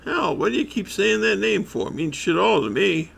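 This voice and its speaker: A man voicing a scruffy older street bum who is pushy and always after coffee, with a gruff, drawling delivery. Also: sits high, expressive, moderate pace, fairly bright tone, voice pushed up, heavily acted. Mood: irritated.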